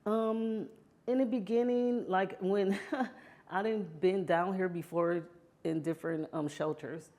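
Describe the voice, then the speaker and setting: A woman's voice: mid-range voice, slow. A woman sharing her personal story in an interview, heartfelt and often adding "you know" as she talks. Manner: grows animated when reliving past moments. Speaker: interview guest.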